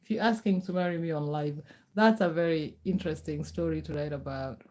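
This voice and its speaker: A woman's voice: sits low, a little fast, warm tone. Chatty middle-aged woman from Kenya. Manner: chatty, reassuring, repeats words. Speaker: live streamer. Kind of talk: casual live-stream chat reading comments.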